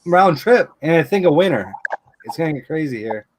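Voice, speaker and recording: A man's voice: on the high side, brisk, a little hiss or hum, low-quality recording. A man casually telling a long story, acting out the people he quotes and swearing now and then. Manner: animated storyteller who acts out quoted dialogue, swears casually.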